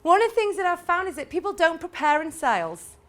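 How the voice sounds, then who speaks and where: High-voiced animated woman presenter. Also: fast talker. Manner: animated, acts out little scenes in quoted voices. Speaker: sales trainer giving a talk. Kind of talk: lively conference presentation. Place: room with a live audience.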